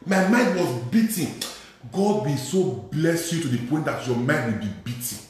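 A priest preaching a sermon, telling a testimony with emphatic repetition and acting out the dialogue. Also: male voice, on the high side, animated, normal speed, few pauses, a little mellow. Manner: emphatic, repeats phrases, acts out dialogue. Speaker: Catholic priest. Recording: very echoey hall.

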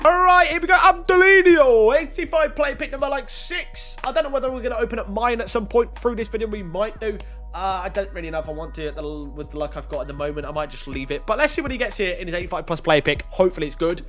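A young man giving casual, excitable game pack-opening commentary as a gaming YouTuber, swinging between groans and yelps. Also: high-pitched, fast talker, soft background music.

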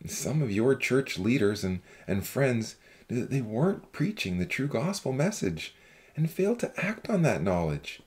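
A woman voicing a gentle, earnest young man who speaks calmly to old friends in a Christian novel reading. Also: very deep voice, a little slow, voice pushed down, full character voice.

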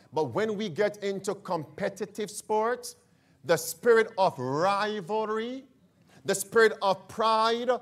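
High-voiced, slow, emphatic preacher man. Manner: emphatic call-and-response questions; addresses listeners as friends. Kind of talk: sermon.

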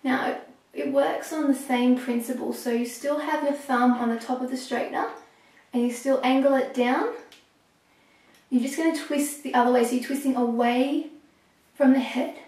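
A young woman talking through a hair tutorial step by step, a little hoarse as she is losing her voice. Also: high-pitched, fairly even intonation, darkish tone, distant mic. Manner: chatty, explaining step by step with pauses. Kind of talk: casual how-to talk while working. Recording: echoey room, voice off-mic.

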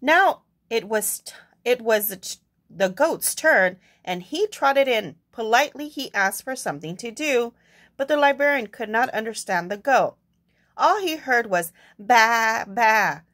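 A woman's voice: fairly high pitch, lively intonation, a little slow, fairly bright tone. A young woman reading a picture book aloud expressively, adding asides to her listeners. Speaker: storyteller.

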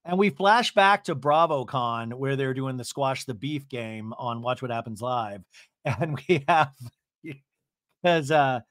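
A man's voice: medium pitch, slow pace, dry recording. Guy podcast host doing a snarky tv recap, voice bounces all over, dry close sound, keeps laughing. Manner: animated, sarcastic, often slips into mock voices; laughs often while talking. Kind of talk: comedic TV episode recap.

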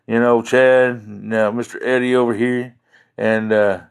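A man's voice: medium pitch, level tone, measured pace, vocal fry, clean tone. Rambling man on a livestream. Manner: folksy, joking, easily sidetracked. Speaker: livestream host. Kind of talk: rambling live-stream chat.

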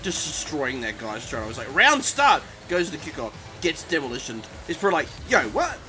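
A man giving excitable, self-mocking commentary over his own gameplay, exclaiming and groaning as it goes. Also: medium pitch, fast talker, music in the background. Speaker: gaming commentator.

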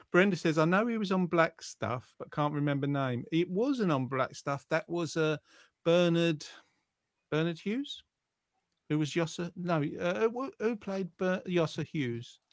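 A man's voice: fairly high pitch, animated, a little slow, dry recording, studio quality. A man hosting a live online quiz show in casual chat, reading out viewer comments with a jokey manner and lots of fillers. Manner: chatty and jokey, with frequent fillers.

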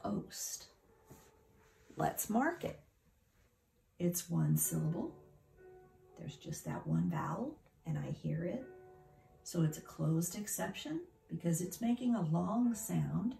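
A woman teacher leads a phonics lesson for young children, sounding out each word part with slow, unhurried care. Her voice sits low, mellow and noticeably gravelly. Now and then she slips into a whisper. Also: expressive, soft background music.

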